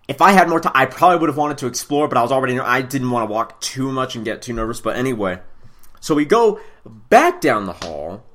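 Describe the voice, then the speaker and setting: Young adult male storyteller, mid-range voice with a very lively pitch, chatty and digressive. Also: fairly quick. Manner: rambling, self-correcting, animated asides. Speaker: storyteller recounting a trip. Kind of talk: casual storytelling monologue.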